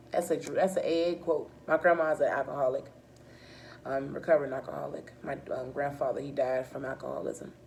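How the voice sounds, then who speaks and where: Blunt, low-voiced woman reading tarot. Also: darkish tone, a little hiss or hum. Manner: blunt and profane, frequent restarts. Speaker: tarot reader. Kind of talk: casual tarot reading to camera.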